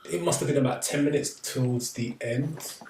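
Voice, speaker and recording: A man telling a story in a casual podcast chat, animated and acting out the voices of the people he quotes. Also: mid-range voice, normal speed. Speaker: podcast co-host. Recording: echoey room, slightly distant mic, faint noise.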